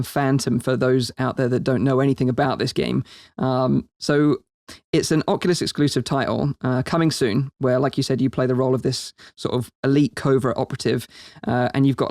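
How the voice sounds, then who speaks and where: A man's voice: medium pitch, a little mellow, dry recording, clean studio sound. A man hosting a podcast who asks loose, enthusiastic questions and sums up a game for listeners. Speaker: podcast host. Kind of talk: casual interview chat.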